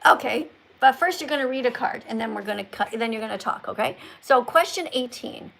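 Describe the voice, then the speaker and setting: High-voiced teasing woman in her sixties. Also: animated, brisk, vocal fry, fairly bright tone. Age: 60s. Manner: teasing, chatty, reads viewer comments aloud. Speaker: livestream host. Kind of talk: casual livestream chat.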